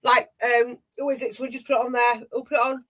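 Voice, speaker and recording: A woman's voice: a little high, flat delivery, fast, a bit bright. A woman from Yorkshire with a Yorkshire accent, rambling through her opinions in casual chat as a co-host. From Yorkshire, England. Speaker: podcast co-host.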